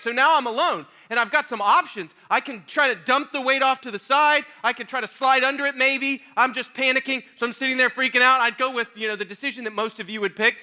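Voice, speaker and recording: A man's voice: very high-pitched, sharp tone. A man preaching a youth sermon, telling a comic story about himself and acting out scenes, then speaking earnestly to his audience. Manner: playful, self-mocking, acts out scenes with voices and sounds; earnest and direct when addressing the audience. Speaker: youth pastor.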